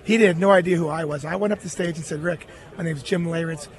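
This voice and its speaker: High-voiced man telling an earnest story. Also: steady tone, quick pace, a little hiss or hum. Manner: earnest storytelling, quoting others in his own voice. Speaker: guest, former baseball catcher. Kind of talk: telling a personal story in a radio interview.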